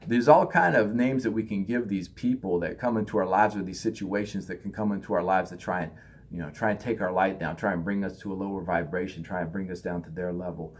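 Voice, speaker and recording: A man's voice: deep voice, quick pace, breathy edge. A man giving a loose, conversational spiritual talk, now and then acting out other people in raised voices. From United States. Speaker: spiritual teacher.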